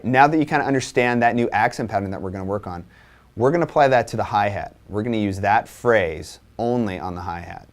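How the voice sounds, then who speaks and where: With slight background noise behind his fairly low voice, a man gives a casual drum lesson, explaining accent patterns and counting sixteenth notes aloud. He keeps saying "right?" and restarts his sentences as he teaches.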